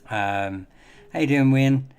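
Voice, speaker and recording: A man hosting a casual livestream and chatting with viewers in a rambling, halting way, with many fillers and restarts. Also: mid-range voice, darkish tone, smooth. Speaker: livestream host.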